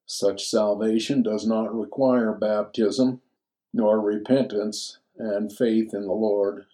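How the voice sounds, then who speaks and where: A man's voice: lowish voice, steady tone, takes it slowly, warm tone, low-quality recording. A man giving a sermon-style commentary, reading scripture verses aloud and then explaining them. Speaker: scripture teacher.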